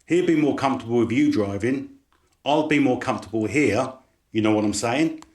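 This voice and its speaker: A man voicing a confident young vet who talks fast and boasts. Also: mid-range voice, darkish tone, natural voice. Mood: scheming.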